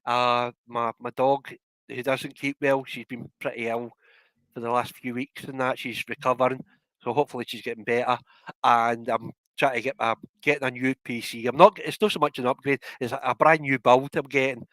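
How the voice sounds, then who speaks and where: Bright, chatty Scottish man. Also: mid-range voice, flat delivery, moderate pace, dry recording, poor audio. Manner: chatty, laughs often, breaks into rants. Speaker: podcast guest. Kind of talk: casual podcast chat.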